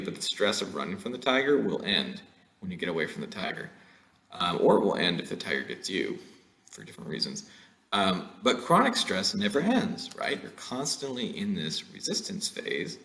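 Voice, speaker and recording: Low, gravelly man lecturing casually. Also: a bit bright, roomy sound. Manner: conversational, frequent "right?" and "like", jokey asides. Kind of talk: recorded online lecture.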